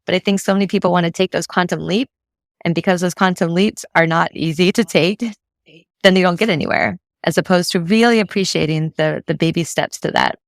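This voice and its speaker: Guesting on a casual interview, a mental fitness coach walks through her explanation step by step in a lowish, fairly quick voice with no room sound. She keeps it easygoing and frequently asks "right?".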